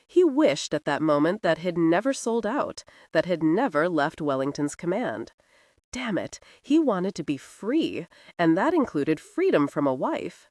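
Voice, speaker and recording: A woman narrating a historical romance audiobook in an expressive, dramatic reading. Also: fairly low pitch, dry recording, clean studio sound.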